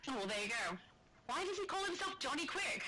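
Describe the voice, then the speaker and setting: A woman's voice: high-pitched, sing-song, fairly quick. A woman co-hosting a game livestream, chatting casually, laughing easily and reading out viewer questions. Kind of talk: casual chat.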